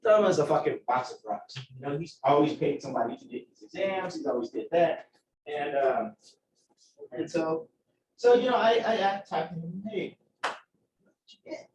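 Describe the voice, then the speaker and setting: A man teaching a chemistry class, telling a profane, animated story to his students. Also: fairly high pitch, moderate pace, background noise. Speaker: chemistry instructor. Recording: echoey room, from far off.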